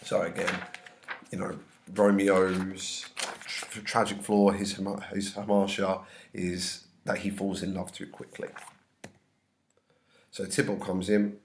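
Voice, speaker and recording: A man's voice: deep voice, monotone, slow, pauses often, a little hiss or hum. A man teaching an English class, reading lines from a play and then explaining them in casual everyday words, sounding slightly under the weather. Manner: reads verse aloud then paraphrases in casual slang. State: slightly ill.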